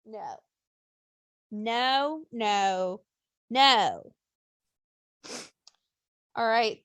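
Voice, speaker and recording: A young woman co-hosting a casual wrestling podcast, blunt and animated, swearing freely and acting out what fans would say. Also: a little high, dry recording, studio quality. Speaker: podcast co-host.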